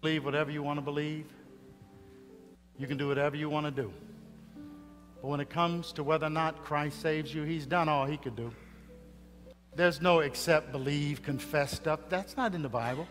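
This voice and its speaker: A man preaching a funeral sermon, dramatic, swinging between hushed tones and loud calls. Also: fairly high pitch, moderate pace. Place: church funeral service. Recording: reverberant hall with faint music.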